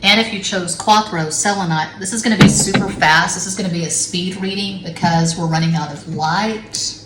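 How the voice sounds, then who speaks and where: A middle-aged woman giving a casual tarot reading at home, rambling and blunt, with frequent swearing. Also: fairly low pitch. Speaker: tarot reader. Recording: echoey room with faint background noise.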